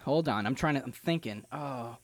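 A podcast co-host reacting with quick jokes and crude quips in casual chat. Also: medium pitch, no room sound.

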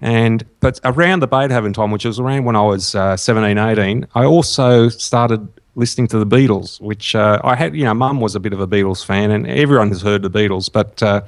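Gravelly older Australian man, hesitant. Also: lowish voice. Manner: hesitant, full of fillers and restarts. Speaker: guest songwriter. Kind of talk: casual interview chat.

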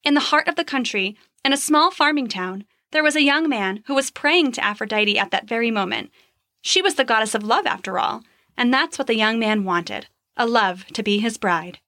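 A woman narrating a children's story in an expressive, scripted storytelling manner on a close studio mic. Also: on the high side, normal speed, dry recording.

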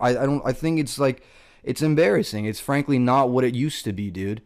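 A man's voice: mid-range voice, fairly quick, a little mellow. A young man, a comedian, ranting casually and profanely, rambling with lots of filler words and exasperation.

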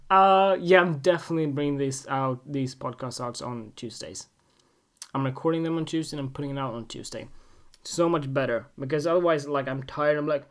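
A man's voice: mid-range voice, normal speed. Swedish guy doing a solo podcast, rambly and jokey, makes fun of himself. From Sweden. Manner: rambling, jokey, self-mocking asides. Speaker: podcast host. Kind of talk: casual solo podcast monologue.

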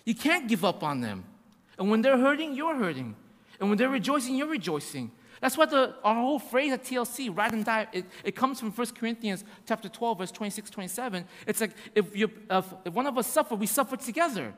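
Animated high-voiced male pastor preaching. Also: fairly quick, big-room sound. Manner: animated, repetitive preaching with acted-out asides. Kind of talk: sermon.

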